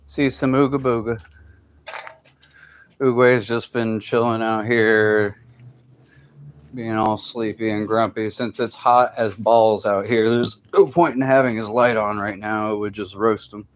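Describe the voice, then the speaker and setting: A man's voice: fairly low pitch, fairly even intonation, unhurried, slight background noise. A man hosting a casual livestream from his backyard at night on a phone, rambling and talking to his pets. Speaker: livestream host.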